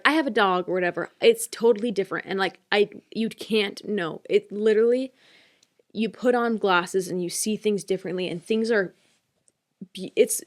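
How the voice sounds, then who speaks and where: Emotional young woman on a podcast. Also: medium pitch. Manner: emotional, heartfelt, rambling with many fillers. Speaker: podcast co-host. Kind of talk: casual chat.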